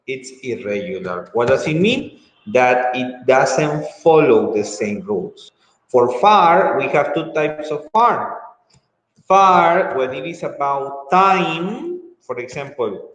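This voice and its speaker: A man teaching English grammar in an online lesson, speaking slowly and drawing words out, with frequent mm-hmms. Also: on the high side, big pitch swings, fairly bright tone. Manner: slow, drawn-out, with frequent mm-hmms. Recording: echoey room with long reverb.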